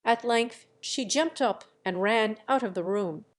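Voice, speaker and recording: A woman narrating a classic novel as an audiobook, in a measured, even storytelling manner. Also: on the high side. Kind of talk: scripted literary narration.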